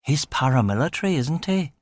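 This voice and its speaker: A man reading an audiobook, voicing a cautious middle-aged factory manager who explains things in a measured, guarded way. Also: a little high, expressive, no room sound.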